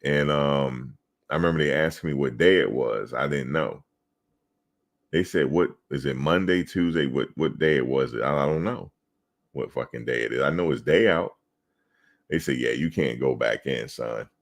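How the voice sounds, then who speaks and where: Male, very deep voice, relaxed profane storyteller in a sports chat. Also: moderate pace. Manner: loose, profane storytelling with laughter. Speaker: podcast co-host.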